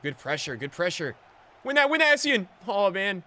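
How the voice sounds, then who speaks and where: A young man giving live commentary on his own football video game match to his chat, excitable, swearing often and yelling at big plays. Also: high voice, normal speed. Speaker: game streamer.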